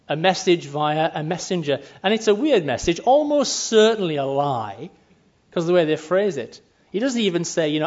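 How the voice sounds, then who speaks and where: Man preaching, slightly high voice, muffled. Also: darkish tone. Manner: conversational, acts out brief quoted asides. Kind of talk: sermon. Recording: muffled lo-fi sound.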